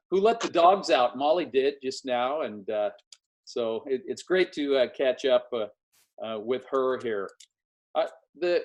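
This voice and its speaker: A man hosting a casual interview over a video call, telling stories in an animated way and acting out what people said. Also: a little high. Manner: animated storyteller, acts out quotes. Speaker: podcast host and former game announcer.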